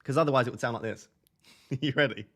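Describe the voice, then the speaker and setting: A young man from Essex, England, with an Essex English accent, hosts a casual live stream, reading and answering his viewers' chat. His medium-pitched voice is fairly bright and moves at a fast pace, picked up by a close desk microphone.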